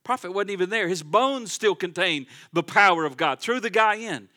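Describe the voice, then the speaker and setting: A fervent male pastor preaches to his congregation in a church sanctuary. His voice sits high and bright, with a bright, ringing tone. He swings from loud, emphatic proclamations to hushed, conversational asides. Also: animated, moderate pace. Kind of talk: sermon.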